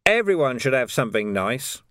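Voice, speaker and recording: Man reading as a gruff no-nonsense watch sergeant. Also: medium pitch, sing-song, a little fast, fairly bright tone, no room sound, voice pushed up. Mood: stern. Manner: curt, dry, by-the-rules. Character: gruff stern male night-watch sergeant.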